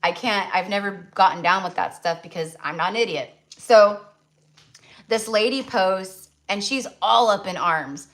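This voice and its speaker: A middle-aged woman hosting a tarot livestream from a rural home, chatting in a rambling, animated way, full of "like" and the odd swear word. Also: mid-range voice, unhurried. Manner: animated, filler-heavy ranting with frequent "like" and swearing. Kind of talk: rambling casual livestream chat.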